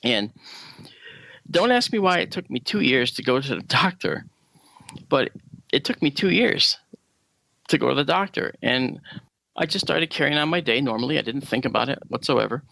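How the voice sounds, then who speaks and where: A man telling a personal story as a radio show guest, animated and acting out the dialogue. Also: mid-range voice, normal speed, creaky, long pauses, rough recording.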